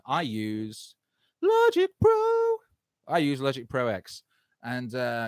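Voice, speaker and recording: A man's voice: fairly low pitch, no room sound. A man hosting his own live stream, swearing a lot and swinging between heated ranting and cheerful chat with viewers.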